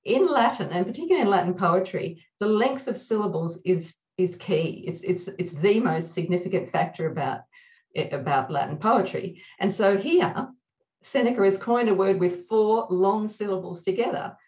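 Woman guest expert, excited and giggly, slightly dull recording. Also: mid-range voice. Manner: enthusiastic, laughs often, quick bursts. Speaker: classics scholar guest. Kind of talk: conversational podcast discussion.

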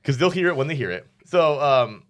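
A man's voice: on the high side, expressive, fairly quick. A man hosting a tabletop game podcast as game master, chatting casually, joking around and walking the players through the rules step by step. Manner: playful, joking asides, explains rules step by step.

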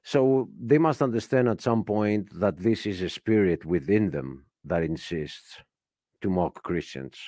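A man who is a guest on an online talk show, telling a story in an animated, mocking manner. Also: deep voice, measured pace, no room sound, clean studio sound. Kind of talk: casual chat.

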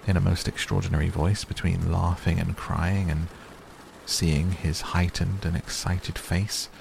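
A man narrating an audiobook as a calm, slow sleep-story reading. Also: low voice, creaky, slight background noise. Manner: slow and soothing. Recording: steady rain sounds behind.

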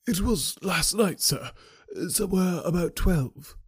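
A man's voice: high-pitched, lively intonation, slow, slightly rough, pitched above the performer's own voice, full character voice. A man voicing a flustered, breathless male butler in an audiobook, gasping and urgent. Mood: shaken. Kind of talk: audiobook character reading.

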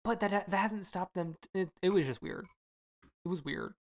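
Low-voiced woman co-hosting a podcast, wry and rambling. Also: lively intonation, normal speed. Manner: chatty, sarcastic, lots of fillers. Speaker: podcast co-host. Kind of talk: casual chat.

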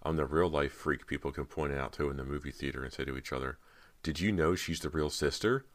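A man's voice: rumbling low, brisk, no echo. A man voicing an anxious teenage girl who longs to find her sister, reading an audiobook. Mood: bitter. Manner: raised voice, emotional and pleading.

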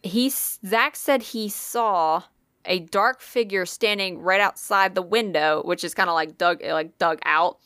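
A woman's voice: on the low side, measured pace, a bit bright, clean tone, dry recording, clean studio sound. A woman co-hosting a podcast, telling a ghost story in casual chat, swearing freely and using lots of fillers.

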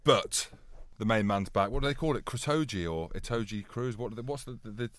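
A man's voice: fairly low pitch, fairly quick. A man, a rugby player chatting on a podcast panel and telling stories against himself. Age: 30s. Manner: self-mocking, animated storyteller. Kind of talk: casual podcast chat.

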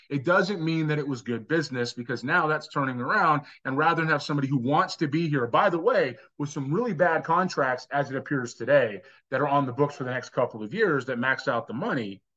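A man's voice: medium pitch, animated, brisk, hardly any pauses, a bit bright. A man co-hosting a sports podcast, ranting emphatically and with exasperation, restarting his sentences often. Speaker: podcast co-host. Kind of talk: casual sports podcast talk. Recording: dull lo-fi audio.

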